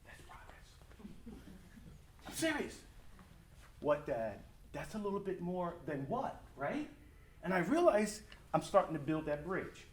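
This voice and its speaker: A middle-aged man preaching as a pastor in a conversational, animated way, acting out family conversations. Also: high voice, a little slow, pauses often, a little hiss or hum. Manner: animated, acts out family dialogue. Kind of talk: conversational sermon talk. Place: church or school hall. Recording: echoey room, mic from a distance.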